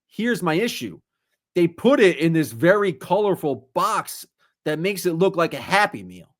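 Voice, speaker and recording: An animated man co-hosting a podcast, riffing through comic rants in easy chat. His voice sits a little high for a man and stays lively from one joke to the next. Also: moderate pace. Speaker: podcast co-host.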